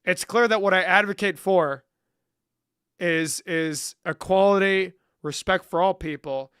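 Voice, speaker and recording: A young man hosts a livestream, reading questions from chat and firing back profane, joking banter. His voice sits high with a fairly bright, clean tone at a measured pace, in studio-quality sound with no echo.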